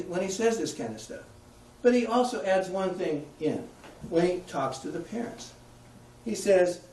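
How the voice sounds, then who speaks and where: A man's voice: high voice, darkish tone, far from the mic, slight background noise. A man giving a conversational public talk, putting questions to his audience. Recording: echoey room, heard from afar.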